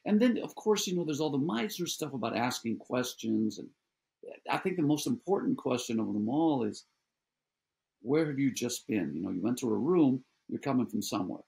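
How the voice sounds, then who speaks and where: An older man, an actor talking as a guest in a casual interview, halting and often restarting his sentences. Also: medium pitch, animated, vocal fry, a little mellow, slightly rough. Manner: halting, many restarts and repeated words.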